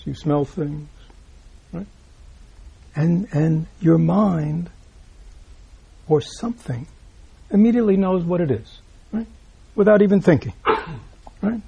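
A man giving a Buddhist dharma talk, reading out a teaching and explaining it. He often checks in with listeners by asking "right?", repeats himself, and drops into soft asides. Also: a little high, takes it slowly, gravelly, long pauses, breathy edge, dull audio. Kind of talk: dharma talk explaining a read-aloud text.

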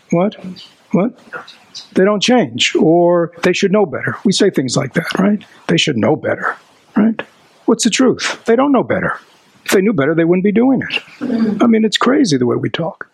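Poor, dry audio with no room sound carries a high, creaky, somewhat breathy man's voice delivering a Buddhist dharma talk. Lively in manner, the teacher keeps putting rhetorical questions to the audience and whispers to drive points home.

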